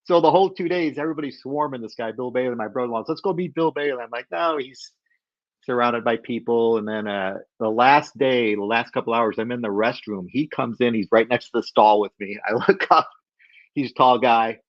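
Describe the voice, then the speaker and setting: A middle-aged man telling a story as a podcast guest, animated and acting out the voices of people he quotes. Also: medium pitch, brisk, dry recording, dull audio.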